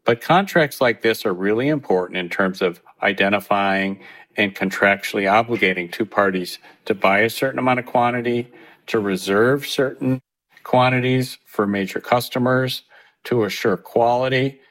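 Middle-aged male economist guest, steady and explanatory, lowish voice. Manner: measured, explanatory. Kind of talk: interview answers.

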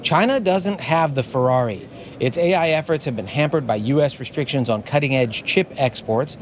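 A man delivering a scripted radio news report in a measured, even way. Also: mid-range voice, a little hiss or hum.

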